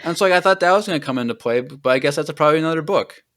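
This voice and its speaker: Smooth-voiced man rambling in casual chat. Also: on the high side, animated, rapid-fire. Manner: rambling, filler-heavy retelling with lots of "like"; trails off quietly at the ends of thoughts. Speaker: podcast host. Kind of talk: casual book discussion.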